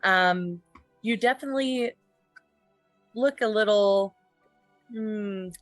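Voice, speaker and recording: A woman voicing a polite, concerned woman adventurer who talks hesitantly and probes gently, in a tabletop role-play. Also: mid-range voice, slow, no room sound, faint music behind, close to an everyday voice. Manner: hesitant, gently probing, filler-heavy.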